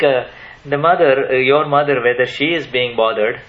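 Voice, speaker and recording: Man, spiritual teacher at a live Q&A, halting delivery full of restarts, dull lo-fi recording. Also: medium pitch, fairly bright tone. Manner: hesitant, many restarts, asks the audience questions. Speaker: spiritual teacher answering questions. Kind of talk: spiritual Q&A talk to a live audience.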